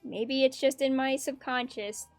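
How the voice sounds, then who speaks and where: Woman, art streamer, high-pitched and giggly, loose rambling chat, dry close sound. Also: fairly even intonation, unhurried, no echo. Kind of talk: casual chat while drawing. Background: faint background music.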